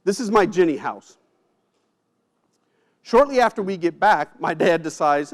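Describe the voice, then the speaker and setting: A man giving a personal storytelling speech at an event, emotional, with dramatic pauses and quiet drops at heavy moments. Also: high-pitched, lively intonation. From United States. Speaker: keynote speaker. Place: event stage.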